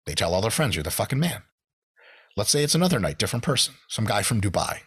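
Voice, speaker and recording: A man's voice: lowish voice, quick pace, breathy edge. A man with an American accent telling stories as a podcast guest, swearing often and acting out quotes in shifted voices. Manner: animated, profane, acts out quotes in shifted voices. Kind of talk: casual storytelling.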